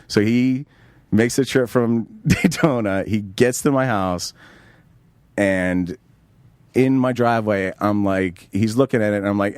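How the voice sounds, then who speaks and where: A man's voice: lowish voice, unhurried, darkish tone, smooth, dry recording, clean studio sound. A man hosting a talk show, telling a long anecdote in casual, profane chat and acting out the dialogue. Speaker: show host.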